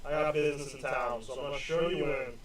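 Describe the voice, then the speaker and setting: A man playing a gruff, businesslike male guard captain who talks briskly and dismissively. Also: medium pitch, fairly even intonation, natural voice. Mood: brusque. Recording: roomy, distant mic, faint noise.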